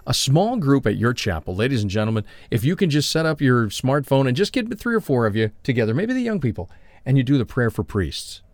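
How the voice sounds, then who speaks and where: A man's voice: mid-range voice, big pitch swings, a little fast, no echo. Male radio co-host, rambling and friendly in tone, dry booth sound. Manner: chatty, loose and rambling with fillers. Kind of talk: casual radio chat. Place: radio studio.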